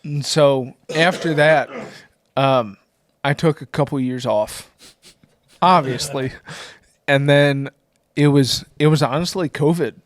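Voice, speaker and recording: A man's voice: mid-range voice, takes it slowly, long pauses. A man who is a podcast guest, telling stories in casual chat around a table and laughing often as he talks. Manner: animated storyteller, laughs often.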